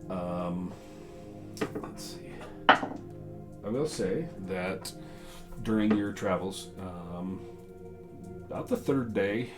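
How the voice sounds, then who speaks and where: Deep-voiced man running a tabletop game. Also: drawn-out words, long pauses, over loud music. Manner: relaxed, rambling, many filler sounds. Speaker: game master.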